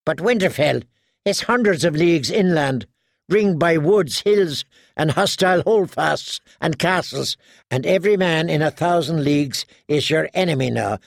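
Male reader playing a scornful older sister, calm and cutting, dry close sound. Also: a little high, moderate pace, gravelly, no room sound. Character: cool, scornful woman warrior, older sister.

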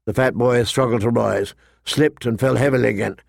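Man narrating a fantasy audiobook, gravelly, mid pitch, dry close sound. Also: steady tone, no room sound. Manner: measured storytelling, voices the characters. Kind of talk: scripted narration.

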